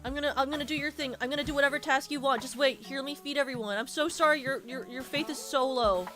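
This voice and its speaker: A young woman streaming a game, commenting excitably with loud yelps and panicked repeats. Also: high voice, fast. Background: game music.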